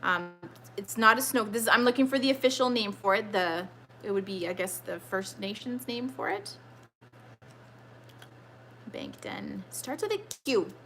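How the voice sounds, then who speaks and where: Woman, thirties, trivia live-stream host at home: bright, talkative, easygoing rambler who reads the chat aloud. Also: mid-range voice, lively intonation, measured pace, long pauses. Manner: chatty, rambling, reads viewer comments aloud. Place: home with children nearby.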